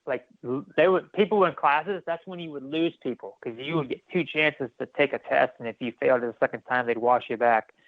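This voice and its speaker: Male podcast guest, animated storyteller, dry and phone-thin. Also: medium pitch, brisk, hardly any pauses, no echo. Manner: animated, re-enacts dialogue, many restarts. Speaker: podcast guest, former military firefighter. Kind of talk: casual storytelling interview. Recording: tinny phone-like line.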